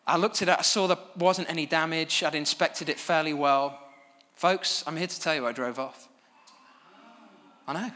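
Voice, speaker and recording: A man preaching from a church stage with a high, bright voice that carries. He tells stories at his own expense in a lively, animated way, and a long reverb from the hall trails behind his words. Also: moderate pace, pauses often. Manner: animated, self-deprecating storytelling. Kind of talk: sermon.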